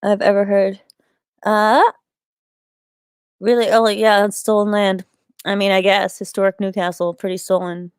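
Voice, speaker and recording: Speaking from a small attic in an old house, this livestream host reads her chat in a smooth, mid-range voice with little pitch movement. Her pace is moderate but she pauses often, rambling casually with self-mocking jokes and upspeak. The recording is dry and studio quality.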